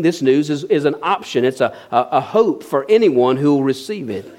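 A male pastor giving a sermon in an easy, conversational style. His voice sits at an ordinary middle pitch for a man. He keeps throwing rhetorical questions at the congregation and lets a soft laugh slip in now and then.

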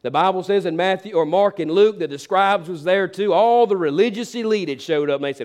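Middle-aged male pastor with a high voice; storytelling sermon, does the characters' voices, swings from loud to hushed. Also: fairly quick, few pauses.

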